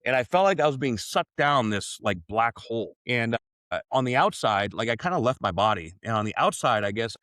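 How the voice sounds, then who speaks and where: A man's voice: medium pitch, sing-song, a little fast, fairly bright tone, no echo. A man speaking as a podcast guest, telling his story in an earnest, reflective way, with frequent "like" and "right?" in his casual speech.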